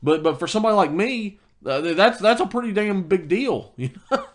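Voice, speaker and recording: A man's voice: high-pitched, big pitch swings, a little fast. A man co-hosting a podcast, telling a heated story in casual chat with many restarts. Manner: storytelling, quoting himself heatedly, lots of restarts. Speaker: podcast co-host.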